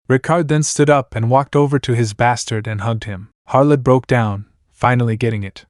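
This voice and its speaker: A man reading fan fiction aloud as a narrator in a plain, steady way. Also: medium pitch, moderate pace, few pauses, dry recording, studio quality. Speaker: story reader.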